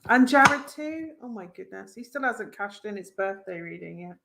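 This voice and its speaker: In a very noisy recording, a woman with a mid-range voice and vocal fry speaks animatedly at a moderate pace. She's hosting a tarot live stream, reading cards and responding warmly and casually to viewer comments.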